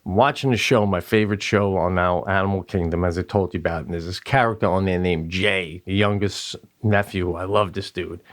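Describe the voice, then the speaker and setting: A man's voice: fairly quick, few pauses. A man co-hosting a podcast, telling casual comedic stories and acting out quotes with jumps in his voice. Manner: animated, acts out quotes in high voices. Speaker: podcast co-host.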